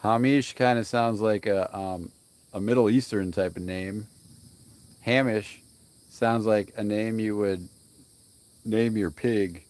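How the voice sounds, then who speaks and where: A man's voice: fairly low pitch, fairly even intonation, takes it slowly, pauses often, a little mellow. A young man hosting a casual live stream while grilling outdoors, rambling along and greeting viewers by name. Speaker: livestream cooking host.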